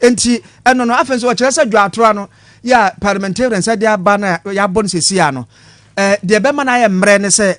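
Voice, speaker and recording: A male news co-host with a Ghanaian accent talks in a high, light voice. The sound is close and dry, as from a studio mic, and his delivery is chatty and loose, moving between two languages. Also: fairly bright tone, dry recording. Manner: chatty, switches between Twi and English. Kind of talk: casual news commentary.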